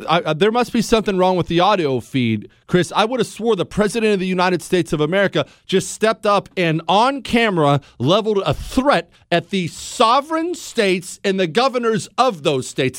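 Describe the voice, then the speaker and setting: A man hosting a talk radio show with a somewhat high voice that leaps up and down in pitch. He sounds indignant and incredulous, going from muttering to outbursts. The sound is dry and close. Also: lively intonation, moderate pace, few pauses, dry recording. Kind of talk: opinionated call-in talk radio. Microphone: studio microphone.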